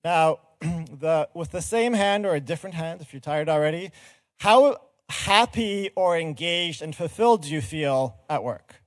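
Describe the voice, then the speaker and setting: A man's voice: on the high side, lively intonation, a little slow, dry recording. Earnest man giving a conference talk. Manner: earnest, explanatory, audience-engaging. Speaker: conference speaker. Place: conference stage.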